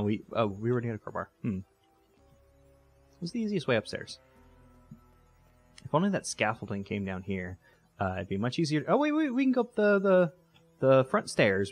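A man hosting a let's play, giving casual gameplay commentary that rambles, jokes and corrects itself as he goes. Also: lowish voice. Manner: rambling, self-correcting, joking.

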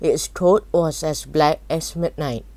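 A woman reading a children's novel aloud in a measured, plain storytelling manner. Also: deep voice, warm tone, no echo. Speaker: story reader.

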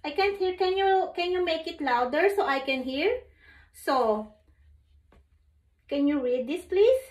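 A woman with a Filipino accent reads a bedtime book aloud in a high, slow, unhurried voice. She is gentle and patient, coaxing her child along. The room gives her voice a noticeable echo. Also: expressive. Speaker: parent reading a bedtime story. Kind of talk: bedtime story reading vlog. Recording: roomy home recording.

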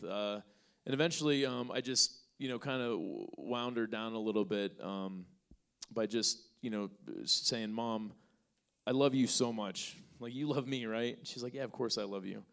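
A man's voice: medium pitch, creaky. A male podcast host answering an audience question in front of a live crowd and telling a story with acted dialogue. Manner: acts out both sides of a conversation; relaxed, with many fillers.

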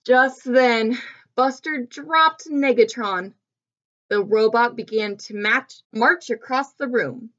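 A woman reading a picture book aloud to children, expressive and pausing to ask the listener questions. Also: a little high, highs cut off. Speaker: storybook reader.

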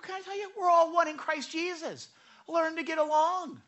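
A man's voice: very high voice, normal speed. A male pastor preaching a sermon, telling stories with lots of repeated words and casual voiced paraphrases of the people in them. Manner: stammering, animated storytelling with voiced paraphrases. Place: church sanctuary.

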